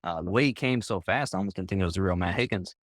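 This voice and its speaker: Speaking fast as a guest on a group voice call, a man with a fairly low voice rambles through a long story, starting his sentences over and over and stuffing them with "like" and "bro." There's almost no room echo, so the sound is dry.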